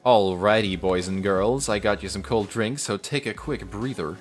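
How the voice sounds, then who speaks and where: A man's voice: fairly low pitch, moderate pace, soft background music, natural voice. A man voicing a cheerful, teasing young woman crew member from a game story, with a breezy, playful drawl.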